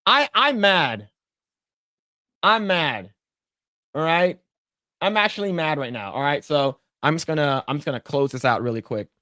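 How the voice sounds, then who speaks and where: A man's voice: fairly high pitch, expressive, moderate pace, pauses often, bright, forceful tone, no room sound, studio quality. A man co-hosting a podcast, chatting casually while he draws, rambling and repeating himself and swearing freely when annoyed. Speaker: podcast co-host. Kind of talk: casual chat while drawing on stream.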